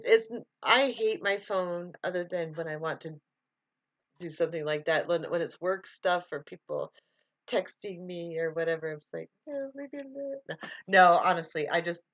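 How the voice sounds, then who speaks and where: A woman hosts a casual live stream, chatting freely, laughing easily and reading out viewer comments. Her voice sits on the low side. The sound is dry and a little dull, with no room echo. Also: moderate pace.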